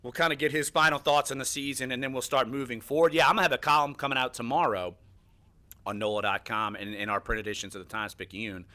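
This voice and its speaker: Brief: New Orleans sports radio co-host, bright and forceful, playful banter. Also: male voice, medium pitch. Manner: upbeat, teasing, promotes upcoming segments.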